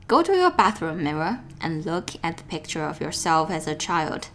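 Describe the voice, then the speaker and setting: A woman whose first language is Chinese, reading a guided self-help exercise aloud in a slow, gentle way that turns playful. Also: sits low, sing-song. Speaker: self-help course host.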